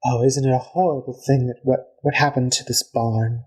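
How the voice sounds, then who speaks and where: A man's voice: medium pitch, fairly even intonation, moderate pace, darkish tone, breathy edge, close to an everyday voice, poor audio. A man voicing a sly elf woman who puts on fake, syrupy grief over a ruined barn. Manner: fake sobbing, syrupy sweet.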